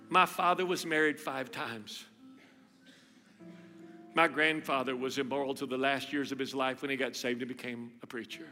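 A middle-aged man preaching a sermon as pastor, telling stories with lively emphasis and repeating phrases. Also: on the high side. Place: church hall. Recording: reverberant hall, faint music.

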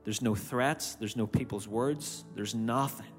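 In a church auditorium, a man with an Irish accent preaches a sermon, animatedly telling a personal story and acting out his own reactions. His mid-range voice moves at a measured pace, and the recording has long hall reverb with faint music behind.

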